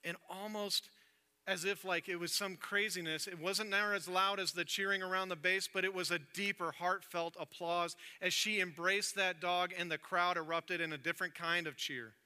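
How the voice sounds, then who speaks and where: Bright-voiced pastor in a reverberant church. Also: male voice, moderate pace, few pauses, clear, resonant tone. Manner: animated storytelling, dropping soft and low for emphasis. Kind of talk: sermon with storytelling. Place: church sanctuary. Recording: long reverb of a church hall.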